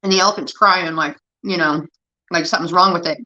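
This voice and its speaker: A woman's voice: lowish voice, fairly even intonation, fairly quick, bright, forceful tone, highs cut off. A woman livestreaming, telling a rambling, profane story in a casual chat that keeps getting sidetracked.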